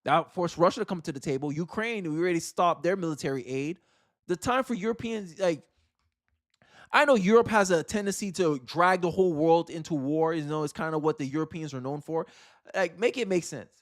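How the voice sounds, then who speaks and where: A man with a fairly high voice talks on his own livestream. He delivers opinionated political commentary with heavy emphasis, often circling back to repeat a phrase for effect. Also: brisk. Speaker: livestream host.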